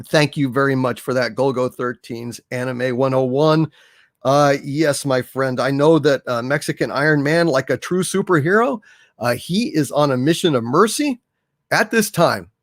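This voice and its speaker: A man hosting a comedy live stream, reading out viewer messages in an animated, halting way with many fillers. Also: a little high, no room sound, studio quality. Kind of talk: casual live stream chat.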